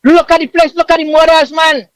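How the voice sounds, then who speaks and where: A man's voice: very high-pitched, little pitch movement, brisk, dry recording, low-quality recording. A man, calling in from abroad to a talk radio show, emotional and preaching with emphatic repetition. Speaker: caller living abroad. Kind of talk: impassioned call-in rant.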